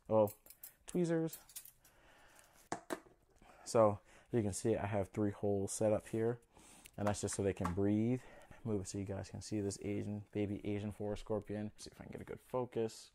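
A young man casually narrating a home vlog as he handles his pets, chatty and a little nervous. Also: on the low side. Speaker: pet keeper vlogger.

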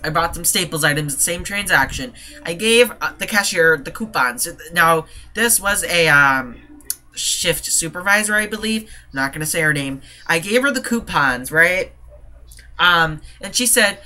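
Brief: male vlogger, exasperated casual rant, sharp bright tone. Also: a little high. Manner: exasperated, rambling, quick to laugh. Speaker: couponing vlogger.

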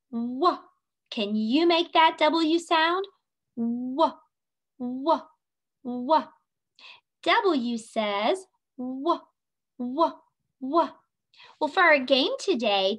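A woman teaches young children their letters in a slow, unhurried way, drawing out each sound in a patient sing-song. Her voice sits a little high, and she keeps the lesson gentle and clear.

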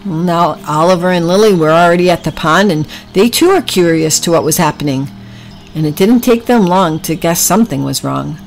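Woman, children's story narration, gentle, faint music behind. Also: on the low side, poor audio. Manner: gentle, drawn-out emphasis.

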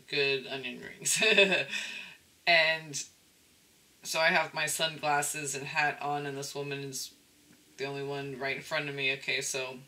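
A man's voice: a little high, sharp tone, low-quality recording. A man giving a casual tarot reading, rambling and often checking in with the listener. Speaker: tarot reader.

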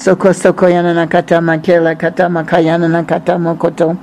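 A woman's voice: on the low side, little pitch movement, quick pace, few pauses, darkish tone, a little hiss or hum, low-quality recording. A woman speaking in tongues, chanting rhythmic repeated syllables between prophetic lines spoken in the first person as God.

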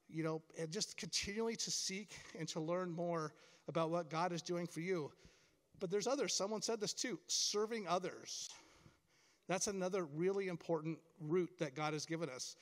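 A middle-aged man giving a chapel talk to schoolchildren, encouraging and full of stories. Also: high voice. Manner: storytelling, encouraging, acts out quoted lines. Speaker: camp staff speaker at school chapel. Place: large hall, chapel. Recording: long hall reverb.

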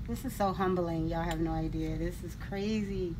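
A woman's voice: on the low side, moderate pace, hardly any pauses, heavy background noise. A woman vlogging a walk through a large store, talking to her viewers in a gushing, exclamatory way while someone else holds the camera. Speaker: vlogger and product owner. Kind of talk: casual store walkthrough vlog. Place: large retail store, indoors. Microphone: camera held by another person.

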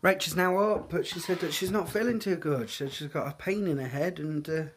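Filming himself indoors at home on a handheld phone, a British man with a slightly high voice chats briskly for a casual daily vlog. He rambles with plenty of fillers and restarts, and there's a little hiss or hum.

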